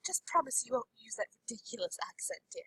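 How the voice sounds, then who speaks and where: A woman's voice: a little high, expressive, fast, sharp tone, husky, dry recording, far from the mic, exaggerated voice, low-quality recording. A woman voicing a prim, fussy genteel lady who calls everyone dear and darling.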